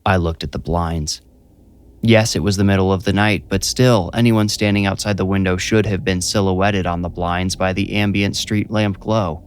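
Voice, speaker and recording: A young adult man narrating a scripted first-person horror story in a measured, steady way. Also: sits low, clear, resonant tone. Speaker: narrator and writer.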